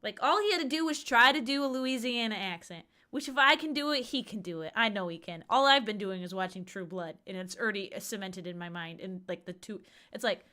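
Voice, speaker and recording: A woman's voice: mid-range voice, a little fast, hardly any pauses, pushed and bright. A woman in her thirties streaming a game, chatting casually and rambling playfully. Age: 30s. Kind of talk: casual livestream chat.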